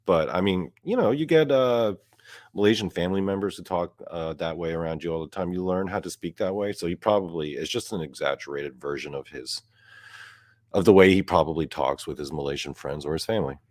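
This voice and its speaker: A young man with a deep, low voice delivers a profane comedic rant. He swears freely and his voice climbs when he gets worked up. The recording is close and dry, with no room sound. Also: brisk, no echo. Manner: profane, gets louder and higher when outraged. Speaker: podcast host. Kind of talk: ranting comedic monologue.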